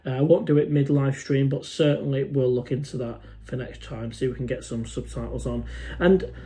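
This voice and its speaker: A man's voice: medium pitch, fairly even intonation, a little fast, dark tone, a little hiss or hum. An English man hosting a casual live stream, chatting informally and reading out viewer comments. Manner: chatty, informal, says "mate" often.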